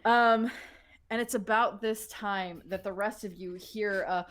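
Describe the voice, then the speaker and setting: A woman's voice: mid-range voice, fairly even intonation, a little slow, a bit bright. A woman running a tabletop role-playing game, narrating loosely with frequent restarts and laughter. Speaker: game master.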